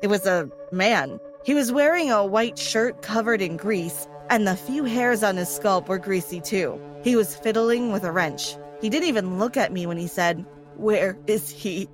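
A woman narrating a scripted first-person story in a calm, even way. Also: medium pitch, normal speed, few pauses, soft background music.

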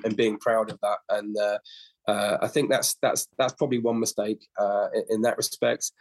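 A man in his fifties or sixties, sitting in as a podcast guest. He tells rambling anecdotes in a casual, conversational way, often stopping to restart a sentence. His voice sits at an ordinary middle pitch for a man. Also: darkish tone. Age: 50s to 60s. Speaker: podcast guest, flooring business owner. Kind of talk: casual interview storytelling.

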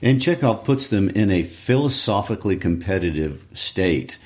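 A man co-hosting a show, reading a story aloud and discussing it in a measured, reflective way. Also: low-pitched, lively intonation, darkish tone. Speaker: co-host.

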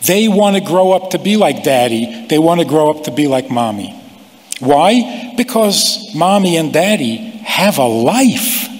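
A man giving a slow, deliberate sermon on family, acting out the voices he quotes. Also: a little high. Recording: long hall reverb.

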